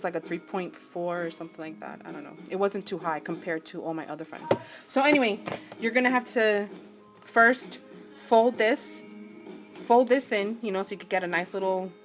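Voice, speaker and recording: A woman in her forties from New Jersey, chatting casually and self-mockingly while she sews, rambling off on side stories. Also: medium pitch. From New Jersey, USA. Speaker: crafting vlogger. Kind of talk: casual chat while sewing. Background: background music.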